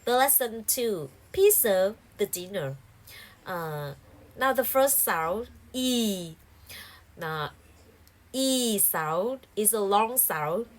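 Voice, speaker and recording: A woman teaching English pronunciation, saying each word slowly three times, with patient fillers and self-corrections. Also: medium pitch, animated. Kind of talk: slow pronunciation drill, repeating each word.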